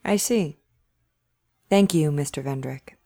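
Brief: a calm detective, slightly low voice. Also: female voice, takes it slowly. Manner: calm, probing. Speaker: police interrogator.

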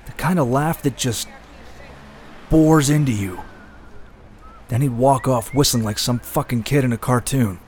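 A man's voice: mid-range voice, unhurried, pauses often, darkish tone, slight background noise, lightly acted. A man playing a bitter newsstand vendor confessing a killing in a radio drama, profane and agitated. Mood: haunted.

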